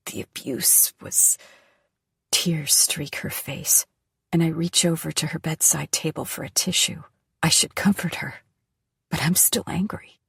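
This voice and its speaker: A woman narrating a first-person audiobook in a hushed, often whispery voice. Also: low-pitched, fairly even intonation, a little slow, creaky, slightly rough, dry recording, clean studio sound.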